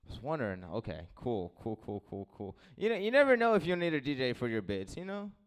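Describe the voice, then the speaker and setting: A man's voice: medium pitch, huge pitch swings, quick pace. Laid-back male stand-up comic. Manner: laid-back, mumbling asides, then bursts of shouting. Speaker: stand-up comedian. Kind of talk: stand-up crowd work. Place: comedy club stage.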